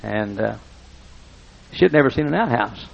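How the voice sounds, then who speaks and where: Telling funny, down-home stories from the pulpit, this pastor frequently breaks off partway through his sentences. His mid-range voice is animated with vocal fry at a normal speed, and the recording is dull and lo-fi.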